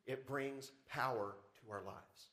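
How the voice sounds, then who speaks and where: A man's voice: medium pitch, slow pace, fairly bright tone. A man preaching a sermon as pastor, with rising emphasis and frequent rhetorical questions to the congregation. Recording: church service audio recording.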